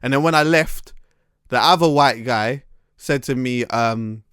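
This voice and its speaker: A man hosting a casual chat, telling stories in an animated, slangy way with many restarts. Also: mid-range voice, a little slow, clean tone, no echo, studio quality.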